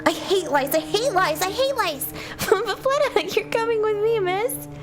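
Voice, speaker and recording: A woman's voice: very high voice, measured pace, soft background music, voice pushed up. A woman voicing a jealous, possessive girl villain in a game dub, speaking in a scolding, menacing way.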